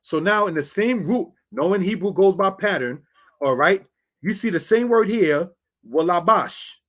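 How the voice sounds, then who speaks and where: A man's voice: high voice, unhurried. Man teaching Hebrew, "brothers and sisters" style. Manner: repeats "brothers and sisters", steady explaining. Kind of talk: online Bible lesson with slides.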